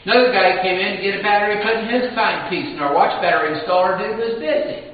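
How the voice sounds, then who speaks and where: Animated male sales trainer in an echoey hall. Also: high-pitched, fast talker, slight background noise. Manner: animated storyteller, acts out customers' lines. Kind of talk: live seminar talk to a class. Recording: dull, echoey hall from far off.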